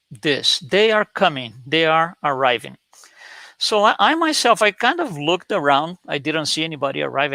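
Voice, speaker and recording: A man's voice: on the high side, pushed and bright, no echo. A man giving a talk with slides, telling a story with many fillers and restarts. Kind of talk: lecture with slides.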